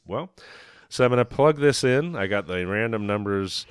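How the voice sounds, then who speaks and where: A man co-hosts a film podcast in a relaxed, rambling way, enthusiastic and often profane. His voice sits low and sounds smooth and resonant. The recording is close and dry. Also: moderate pace, no room sound. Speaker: podcast co-host. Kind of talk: casual film podcast chat.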